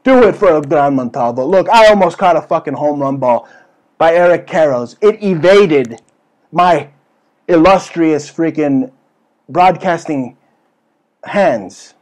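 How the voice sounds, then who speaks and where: A man's voice: fairly high pitch, expressive, a little slow, darkish tone. A man hosting a comedy show with a brash, crude, ranting delivery. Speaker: host. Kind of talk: comedic political rant.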